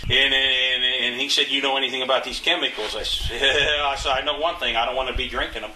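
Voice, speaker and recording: A man's voice: medium pitch, steady tone, fairly quick, sharp tone, echoey room, recorded from a distance, a little hiss or hum, low-quality recording. An older man in a casual interview, telling folksy, indignant stories about his community, restarting and repeating words as he goes. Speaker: interviewee, local resident.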